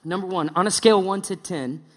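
A man's voice: high-pitched, brisk, big-room sound. A male pastor preaching a casual, joking sermon, slipping into mocking impressions.

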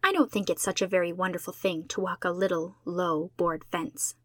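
A woman's voice: on the low side, fairly even intonation, moderate pace, no echo, clean studio sound, close to an everyday voice. A woman voicing a proud, imaginative schoolgirl who makes solemn, dramatic declarations. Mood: scornful.

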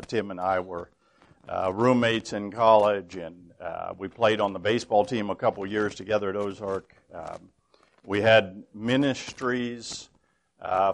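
A man in his sixties, a guest preacher giving a humorous sermon to a congregation in the folksy, halting style of a storyteller. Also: fairly low pitch. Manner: folksy storyteller, many ums and restarts. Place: church with a full congregation.

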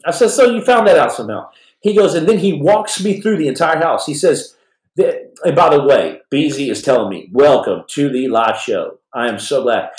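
Rambling storyteller man in a roomy space. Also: medium pitch. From United States. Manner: rambling, animated, repeats words, acts out quoted dialogue. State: in pain, numb hand. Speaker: podcast host telling his own stories. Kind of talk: live podcast storytelling.

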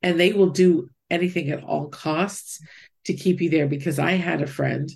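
A woman from Pennsylvania telling an animated personal story in a casual chat. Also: low-pitched, moderate pace, creaky, breathy edge. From US East Coast, Pennsylvania. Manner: animated storytelling, quoting others.

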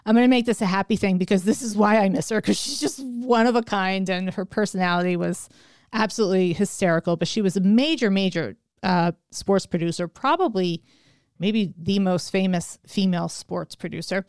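Middle-aged female podcast co-host with a smooth, dry, close sound, telling a lively story. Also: medium pitch, brisk, no echo. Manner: animated, laughing, acts out quoted lines. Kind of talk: casual storytelling chat.

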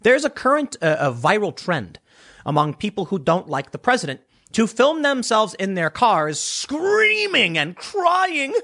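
A man's voice: high-pitched, sing-song, moderate pace, a bit bright. A man ranting as a political commentator, sarcastic, dismissive and blunt. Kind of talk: casual opinion rant.

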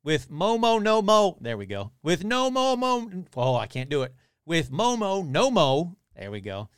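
A man's voice: high voice, very animated, unhurried, clean tone, no echo, studio quality. Man wryly reading an article aloud. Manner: reads aloud with wry asides and grumbles. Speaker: podcast host. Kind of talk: casual podcast reading of an article.

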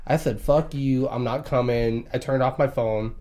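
A man's voice: medium pitch, steady tone, normal speed, a little mellow. A young man telling crude stories in casual chat, swearing and laughing as he talks. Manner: profane, laughing storyteller.

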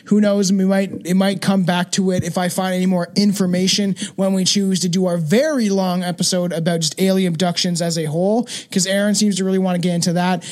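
A man's voice: high voice, darkish tone. A man hosting a podcast, rambling casually with lots of fillers and swearing. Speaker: podcast host. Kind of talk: casual chat.

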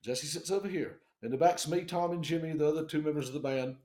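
A man in a band telling a tour story in a casual, animated, profane way, acting out the people he quotes. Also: fairly high pitch, fast, roomy sound.

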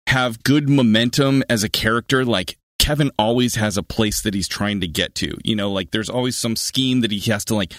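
Animated man, actor guest, dry sound. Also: fairly low pitch, normal speed, hardly any pauses, dry recording. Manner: animated, restarts often, laughs easily. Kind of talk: casual interview answers.

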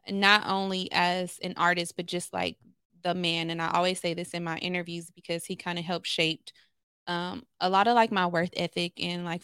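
Her voice is fairly low, gravelly yet smooth and a bit bright, as this therapist from Los Angeles shares frank stories full of fillers in a podcast conversation. The studio sound is clean, with no echo.

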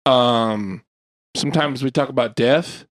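A man's voice: mid-range voice, unhurried. A man hosting a casual podcast with friends, joking and laughing a lot. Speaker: podcast host.

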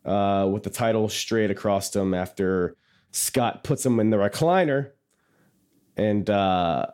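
A man's voice: fairly low pitch, takes it slowly, a little mellow, clear, resonant tone. A man co-hosting a casual podcast, rambling through a wrestling recap, self-mocking and laughing easily. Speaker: podcast co-host.

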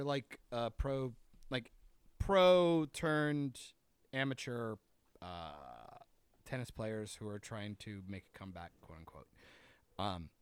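A man's voice: mid-range voice, clear, resonant tone, no room sound. A man hosting a casual podcast chat, opinionated and profane, talking with lots of energy.

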